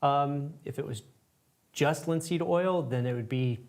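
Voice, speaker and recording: A man's voice: a little high, measured pace, darkish tone. A man hosting a live-stream painting class, talking casually with lots of fillers. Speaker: art instructor and host.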